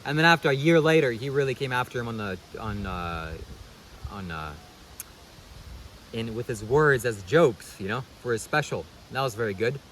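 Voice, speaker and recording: A man talking straight to camera in a casual commentary vlog, sarcastic and preachy. He keeps tossing in "buddy" and "okay?" at a middling pitch, with a faint hiss of noise in the background. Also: expressive, normal speed, a bit bright, poor audio. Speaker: vlogger.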